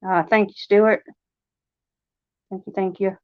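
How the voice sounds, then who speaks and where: A woman's voice: mid-range voice, level tone, slow pace, no echo. A woman with a Long Island accent hosting a casual livestream, chatting in a rambling way full of fillers. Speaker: livestream host. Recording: dry, slightly dull lo-fi recording.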